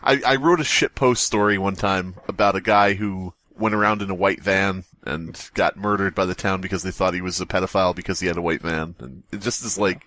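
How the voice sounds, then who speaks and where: A man's voice: sits low, steady tone, fairly quick, few pauses, bright, forceful tone, dry recording. A man co-hosting a comedy podcast, reading stories aloud and breaking off into jokey asides and laughter. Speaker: podcast co-host. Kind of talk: casual comedic story reading.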